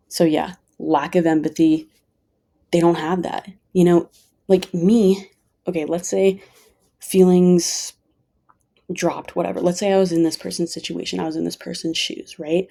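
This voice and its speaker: A woman's voice: lowish voice, level tone, moderate pace, gravelly, dark tone. A woman talking casually and earnestly to camera in a personal vlog, rambling with lots of "like". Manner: earnest, rambling, heavy use of "like". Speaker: vlogger.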